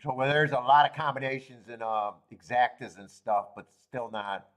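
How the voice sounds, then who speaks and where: A young man congested from a cold hosts a casual horse racing live stream, speaking at moderate pace in a mid-range, fairly bright voice. He rambles and swears often while telling stories and talking handicapping.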